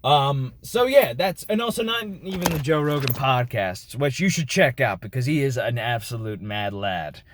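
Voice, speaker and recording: Soft-spoken man vlogging by a street. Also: mid-range voice, moderate pace, hardly any pauses, background noise. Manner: soft-spoken, relaxed, rambling. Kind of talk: casual vlog chat.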